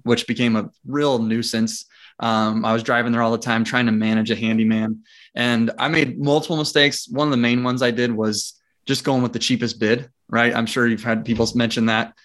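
A man at an average pitch, talking as a guest in a relaxed interview. He tells his story with energy, acts out the dialogue, and laughs as he goes. His talk is casual and full of restarts. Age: adult with young children. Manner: frequent fillers and restarts. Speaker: interview guest, property investor.

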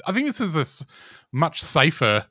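A man's voice: a little high, wildly swooping pitch, normal speed, bright, forceful tone, no echo, clean studio sound. A man co-hosting a casual podcast chat, bantering in a joking, laid-back way. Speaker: podcast co-host. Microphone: close podcast mic.

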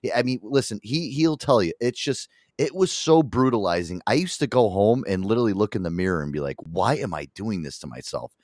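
A man hosting a podcast, chatting casually and swearing freely while telling animated stories. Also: lowish voice, a little fast, hardly any pauses, no echo, clean studio sound. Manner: profane, animated storytelling. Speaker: podcast host. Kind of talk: casual chat.

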